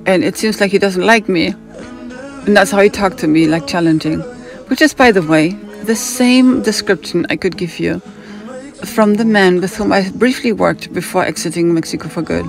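A woman with a German accent and a gravelly, fry-laced voice tells a long, rambling story. She wanders off on tangents and keeps jumping into other people's voices to act out their lines. Faint music sits under her talk. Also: fairly low pitch, moderate pace. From Hamburg, Germany.

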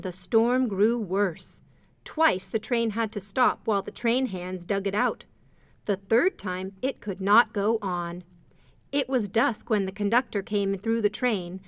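A woman's voice: medium pitch, a bit bright, dry recording. Woman reading a storybook aloud. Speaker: narrator.

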